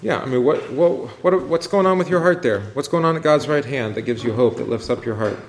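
A pastor leads a Bible study class conversationally, asking the group questions and restarting often. His medium-pitched voice runs a little fast, with slight background noise.

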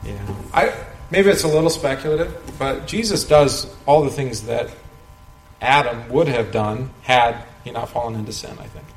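A man leads a casual Bible study in a mid-range voice at normal speed, chatting conversationally, asking rhetorical questions and often chuckling. The recording has a roomy echo and a little background noise.

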